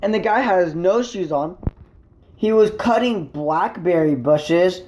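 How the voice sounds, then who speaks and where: A man's voice: high-pitched, expressive, slow, a little mellow. A young man in a casual vlog, rambling through a story to camera with lots of swearing and filler words. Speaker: vlogger.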